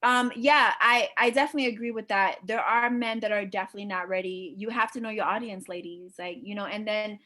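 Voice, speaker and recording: Animated woman coaching on relationships. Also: medium pitch, a little fast, hardly any pauses. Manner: animated, acting out quoted dialogue. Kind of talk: casual panel talk.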